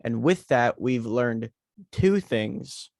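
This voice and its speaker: A man's voice: medium pitch, animated, takes it slowly, vocal fry, darkish tone, no room sound, studio quality. A young American man hosting a podcast in a playful, teasing chat. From United States. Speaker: podcast host. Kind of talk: casual chat.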